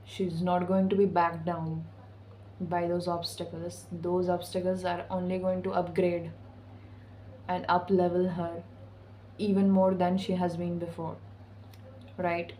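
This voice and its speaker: Casting note: a woman with a low, flat voice, easygoing and sassy as a spiritual vlogger, profane slang throughout. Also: unhurried, long pauses, a little hiss or hum, rough recording. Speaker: intuitive spiritual channeler. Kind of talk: casual spiritual message vlog.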